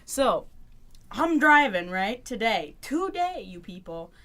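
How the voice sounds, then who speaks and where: A young woman guest on a casual podcast, lively and excitable as she tells a story. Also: fairly high pitch, slow pace.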